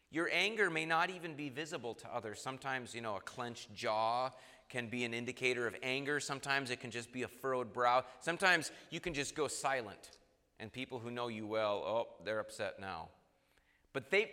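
Man preaching, bright forceful voice, earnest, echoing church hall. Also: mid-range voice. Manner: earnest, acts out quoted voices with sudden loud jumps. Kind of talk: sermon. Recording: long reverb in a large hall.

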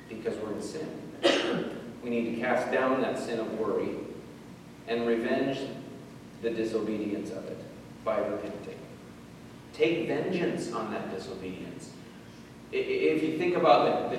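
Preacher echoing through a distant hall. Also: male voice. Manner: emphatic, rising to forceful peaks then dropping low. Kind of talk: sermon. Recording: echoey hall from far off, faint noise.

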